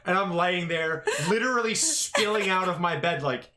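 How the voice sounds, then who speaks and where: A woman's voice: lowish voice, moderate pace. A woman guest in casual chat, telling stories with acted-out quotes. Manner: lively storytelling with voiced-out quotes.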